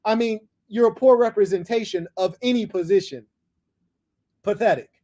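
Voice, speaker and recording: A man's voice: high-pitched, moderate pace, mellow. A man hosting a live call-in stream, lecturing and mocking in a condescending, combative way. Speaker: livestream host taking callers.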